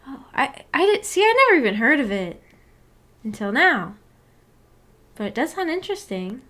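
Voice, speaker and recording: A woman's voice: sits high, sing-song, moderate pace, fairly bright tone. A young woman hosting a casual live-stream book club, chatty and giggly, often restarting her sentences.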